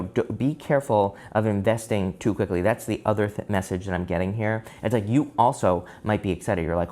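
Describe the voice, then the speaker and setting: A man giving a casual tarot reading to camera, talking in a loose, chatty way full of fillers, his voice jumping up in pitch now and then. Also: a little mellow. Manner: chatty and loose, many fillers and sudden upward pitch jumps. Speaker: tarot reader.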